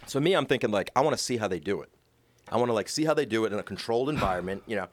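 A man's voice: fairly low pitch, lively intonation, very fast. A young man telling a story in casual chat, swearing and acting out quotes.

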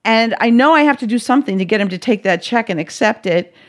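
A woman's voice: a little high, lively intonation, fast. A middle-aged woman telling a personal story to an audience in a vivid, dramatic way. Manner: vivid, dramatic storytelling, acting out her own panicked pleas.

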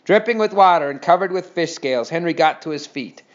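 A man reading a children's story aloud with steady, expressive storytelling. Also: fairly high pitch, brisk. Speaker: narrator. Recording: dull lo-fi recording.

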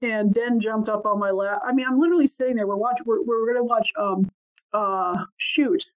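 A woman's voice: on the high side, moderate pace. A woman podcast co-host in casual chat, telling family stories and swearing freely. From Ohio. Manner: chatty storyteller, swears freely. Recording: muffled lo-fi audio.

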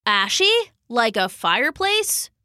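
A woman's voice: a little high, big pitch swings, slow pace, bright, forceful tone, dry recording, clean studio sound, heavily acted. A woman voicing Will, a friendly, easygoing young boy who talks in a casual, upbeat way in a children's audio story.

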